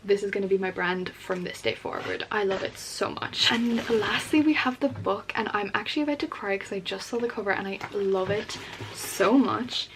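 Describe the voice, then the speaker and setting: A young woman vlogging casually about books, gushing and excitable, with lots of filler words. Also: mid-range voice, moderate pace, noisy background. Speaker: book vlogger. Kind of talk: casual unboxing chat.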